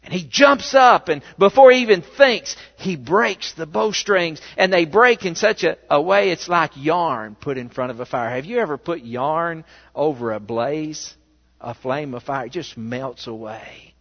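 A male pastor preaching a sermon, telling a story with animated rhetorical questions in a church. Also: fairly high pitch, measured pace, vocal fry. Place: church sanctuary. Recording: echoey, dull church recording.

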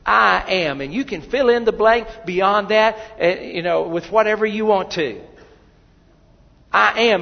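A man preaching a sermon as pastor, moving from quiet, low stretches to loud, impassioned passages, with a gravelly, husky voice. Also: unhurried, in a large hall, highs cut off.

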